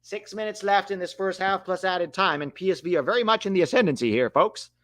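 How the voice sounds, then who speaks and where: A man hosting a live match watch-along, calling the play in an excitable, joking way. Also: high voice, a little fast. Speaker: host and commentator.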